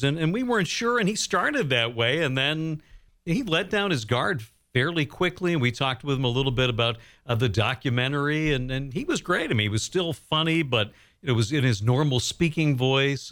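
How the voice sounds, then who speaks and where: A man hosts a radio talk show from the studio. He speaks in a conversational, easygoing way at a mid-range pitch. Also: fairly bright tone. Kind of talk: radio interview.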